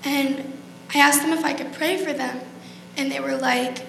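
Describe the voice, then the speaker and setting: A hoarse woman giving a halting testimony in church. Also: high voice, fairly even intonation, fairly bright tone. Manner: halting, plain storytelling. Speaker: student sharing a testimony. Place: church sanctuary. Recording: echoey hall, faint noise.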